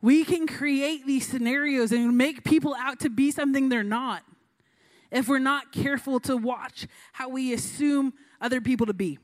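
Young woman, high voice, casual youth sermon full of chatty asides and little acted-out voices. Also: normal speed. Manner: chatty, lots of fillers and likes, acts out voices in stories. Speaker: youth pastor.

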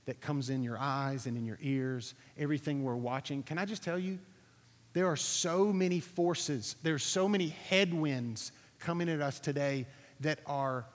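A man preaching, telling a lively personal story to his audience, acting out what others said, then drawing a lesson from it. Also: a little high. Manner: animated storytelling, acting out quotes, asking the audience. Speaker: pastor. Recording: reverberant hall recording.

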